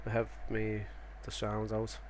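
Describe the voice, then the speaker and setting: A man's voice: on the low side, completely flat delivery, unhurried, a little mellow, slight background noise. Chatty Australian man, rambling streamer. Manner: chatty, rambling, self-interrupting. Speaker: sim racing streamer. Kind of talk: casual live-stream chat.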